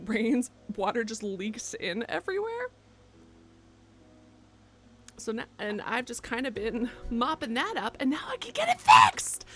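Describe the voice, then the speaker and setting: A woman's voice: on the high side, creaky. Rambling, self-mocking young woman streamer. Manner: rambling and self-mocking, with sudden loud excited bursts. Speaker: game streamer. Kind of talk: casual live-stream chat. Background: faint background music.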